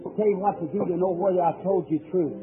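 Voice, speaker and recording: A man's voice: high voice, fast, faint music behind. Fervent preacher man on a tinny old recording. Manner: fervent, emphatic, calls out to people in the audience. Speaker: evangelist preacher. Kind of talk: healing service sermon.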